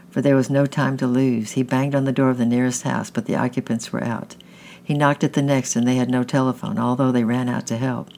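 A man's voice: mid-range voice, a little mellow, a little hiss or hum. Man reading a novel aloud, stumbling. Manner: plain reading with frequent slips and restarts. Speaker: audiobook reader.

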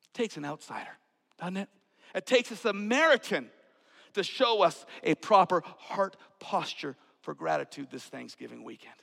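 High gravelly preacher in a reverberant hall. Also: male voice, animated, normal speed. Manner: dramatic swings from soft whispers to loud outbursts. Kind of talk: sermon.

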